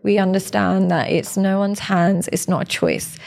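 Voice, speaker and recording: A woman's voice: mid-range voice, moderate pace, vocal fry, darkish tone. A woman, a relationship coach speaking as a podcast guest, telling stories in an earnest, emotional way. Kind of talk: candid podcast interview.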